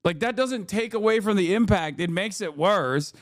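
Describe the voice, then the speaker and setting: Man streaming commentary, sarcastic and profane, slightly high voice, dry close sound. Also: animated, moderate pace, no echo. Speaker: political streamer.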